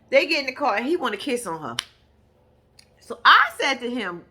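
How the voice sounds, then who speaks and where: A woman's voice: high voice, a little fast, husky. A woman telling a story in a casual, profane vlog, acting out what everyone said in her own voice. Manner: animated, profane, acts out others' lines. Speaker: storyteller recounting a reality-show shoot.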